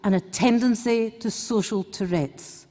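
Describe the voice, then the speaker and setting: A woman's voice: mid-range voice, a little slow, warm tone. A Glasgow woman giving an off-the-cuff political speech at a conference, blunt and chatty, joking and letting slip the odd swear word. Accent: Scottish, Glasgow. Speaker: conference speaker. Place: conference hall. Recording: reverberant conference hall.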